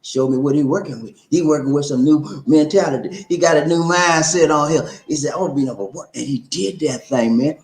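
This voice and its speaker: A man's voice: on the high side, fairly quick, few pauses, a little mellow, echoey room, rough recording. A man hosting a casual live show, playful, chanting call-and-response lines and slipping into rhymes. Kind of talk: casual live-stream chat.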